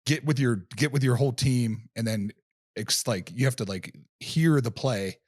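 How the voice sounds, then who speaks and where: A man's voice: medium pitch, moderate pace, a little mellow, no room sound, clean studio sound. A man hosting a podcast, chatting casually and rambling through his own experience with many restarts. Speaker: podcast host. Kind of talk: casual chat.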